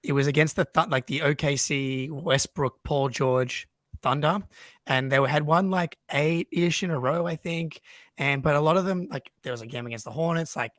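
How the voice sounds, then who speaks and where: A man co-hosting a sports podcast, telling stories in a rambling way full of 'like' and quick laughs. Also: on the high side, a bit bright, no room sound. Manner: rambling storyteller, lots of 'like', laughs easily. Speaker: podcast co-host. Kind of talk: casual podcast chat.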